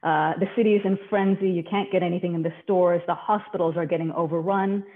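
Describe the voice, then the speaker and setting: A woman's voice: lowish voice, steady tone, fast. A woman from Canada talks as a podcast guest, composed and articulate as she tells her story. Her voice comes through a tinny, phone-like remote line. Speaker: leadership coach, guest. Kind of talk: podcast interview. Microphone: remote call.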